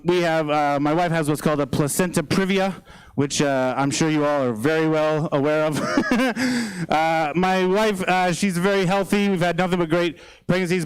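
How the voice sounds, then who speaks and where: A man's voice: on the high side, normal speed, clear, resonant tone, poor audio. A man in his thirties with a Canadian accent doing a rambling stand-up set on a theater stage, swearing often. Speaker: stand-up comedian.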